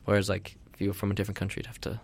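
A young man co-hosting a casual podcast chat, loose and quick to swear. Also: lowish voice, monotone, creaky, breathy edge. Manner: loose, swears, laughs often. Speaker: podcast co-host.

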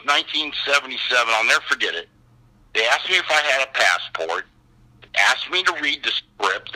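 A man in his sixties tells a story from his career in a husky, strikingly bright voice, his pitch swinging widely as he acts out the other people in it. He talks like a casual interview guest. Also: rough recording. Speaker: actor guest. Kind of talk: casual anecdote telling.

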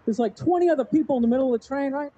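A man's voice: very high-pitched, rapid-fire, mellow, a little hiss or hum. A man from the American suburbs telling a rambling stand-up story on stage, full of "you know what I mean". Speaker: stand-up comedian. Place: comedy stage with a live audience.

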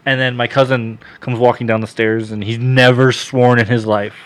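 A man's voice: mid-range voice, level tone, normal speed. Profane young guy telling a wild story. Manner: profane, laughing, quotes himself and others. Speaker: podcast guest telling a story. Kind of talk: casual storytelling.

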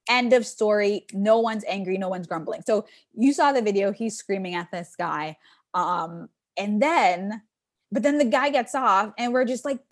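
Young woman podcast cohost, chatty and animated, does the voices in her stories. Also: medium pitch, moderate pace, no echo, studio quality. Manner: animated storytelling, acts out quotes. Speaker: podcast co-host. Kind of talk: casual chat.

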